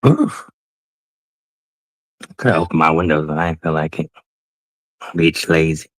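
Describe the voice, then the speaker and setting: A man's voice: very deep voice, lively intonation, moderate pace, a bit bright, no echo. A man hosting a casual livestream, talking in a sassy, drawling way and calling his listeners honey and child. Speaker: livestream host.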